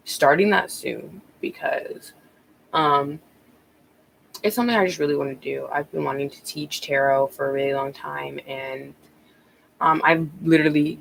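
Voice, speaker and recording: A woman's voice: sits low, vocal fry, fairly bright tone, poor audio. A woman tarot reader talking casually on a live stream, rambling with many ums and restarts, a bit out of breath.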